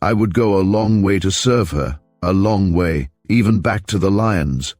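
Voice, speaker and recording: A man voicing a guarded young man just out of prison, speaking in a cool, clipped, deliberate way. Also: low voice, expressive, darkish tone, no room sound, soft background music. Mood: cold.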